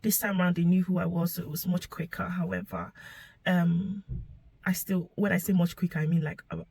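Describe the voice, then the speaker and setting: A young woman telling a painful personal story to camera, emotional and halting, sometimes sinking to a whisper. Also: fairly low pitch, steady tone, creaky, a little mellow, slightly rough, low-quality recording. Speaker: vlogger sharing her story.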